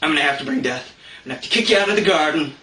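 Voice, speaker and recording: A man's voice: fairly high pitch, expressive, rapid-fire, sharp tone, slight background noise. Grumbling male God, irritated and nosy, casual, a man doing it, echoey distant sound. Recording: roomy sound from a distant mic.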